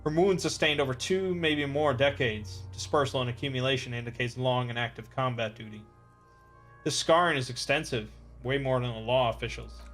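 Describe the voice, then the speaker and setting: A man playing a video game and reading its dialogue and narration aloud in a dry, deadpan way. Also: mid-range voice, moderate pace, soft background music. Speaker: let's play narrator.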